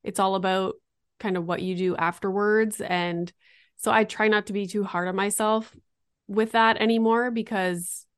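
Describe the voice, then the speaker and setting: A woman's voice: medium pitch, steady tone, normal speed, dry recording. A woman hosting a podcast in casual chat, talking freely and filling her speech with "like". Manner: chatty, says "like" often. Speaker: podcast host.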